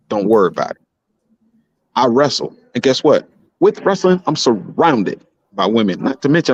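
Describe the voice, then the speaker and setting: A man's voice: medium pitch, dry recording, highs cut off. A man, an independent wrestler, talking as a guest in casual podcast chat, blunt and profane, rambling with lots of restarts.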